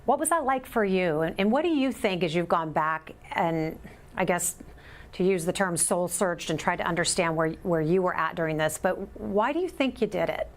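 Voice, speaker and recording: A woman host with a lower voice interviews her guest. She asks gentle questions and often pauses to find her words. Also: animated. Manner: gentle, halting questions with fillers. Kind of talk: interviewing on a medical show.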